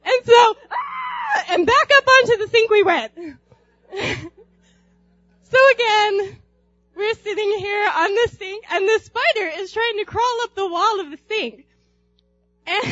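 A young woman telling a personal anecdote aloud in an animated way, laughing often and acting out screams. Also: very high voice, a little slow, pauses often, dry recording, raised voice, dull audio. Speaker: storyteller.

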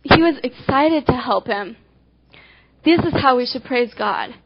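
Woman, high voice, animated devotional speaker acting out illustrations; muffled lo-fi recording. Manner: animated storytelling, swinging between quick and slow emphasis. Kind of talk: devotional talk with acted illustrations. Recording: dull lo-fi recording.

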